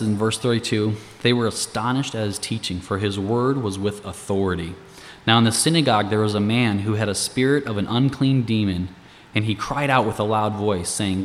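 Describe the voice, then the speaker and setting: A man's voice: mid-range voice, moderate pace, long reverb tail, slight background noise. A man giving a casual, conversational Bible teaching, explaining verses, asking rhetorical questions and chuckling between points.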